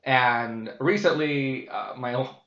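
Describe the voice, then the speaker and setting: A man rambles candidly through a casual vlogcast monologue, swearing freely and restarting his sentences. His voice is bright and forceful. The room sounds echoey and the recording a little dull. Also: mid-range voice, slow pace. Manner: profane, candid, heavy with fillers and restarts. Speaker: vlogcast host. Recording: roomy, slightly dull sound.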